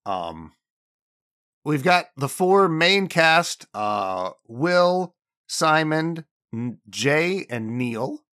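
A man's voice: a little high, big pitch swings, very slow, sharp tone. A man hosting a casual podcast, joking playfully with his friends. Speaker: podcast host.

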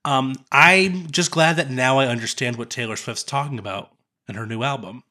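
A man's voice: medium pitch, moderate pace, sharp tone. A man co-hosting a casual podcast, making dry, wry jokes. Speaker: podcast co-host. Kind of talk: casual chat.

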